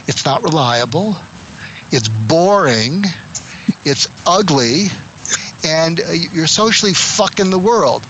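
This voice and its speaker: A man's voice: fairly high pitch, bright, forceful tone, slight background noise, poor audio. A man doing an impression of a famous tech founder, talking bluntly and profanely about business in improvised role-play over a video call.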